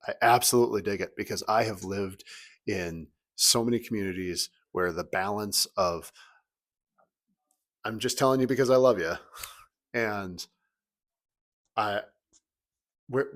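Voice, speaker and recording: A man in his thirties, a pastor, talking casually to his church in a weekly video message. He tells stories with humor and lively swings in his voice. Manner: conversational, humorous storytelling with big pitch swings.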